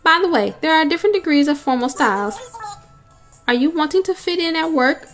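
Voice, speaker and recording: A sugary poodle salon stylist, put on by a woman gushes in a put-on accent and a high, lifted voice, calling everyone sugar. She sells her makeovers with polished, salesy politeness over faint game music. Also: animated, fairly quick. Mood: gushing.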